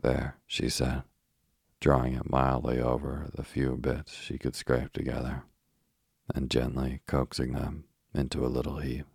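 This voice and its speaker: A man narrating a bedtime story in a calm, even way. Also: very deep voice, unhurried, creaky, breathy edge, dry recording, studio quality.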